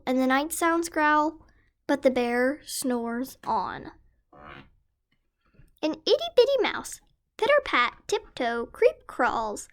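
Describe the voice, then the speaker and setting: Slow sing-song woman reading a picture book. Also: high voice. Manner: sing-song, drawn-out rhyming delivery. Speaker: storyteller.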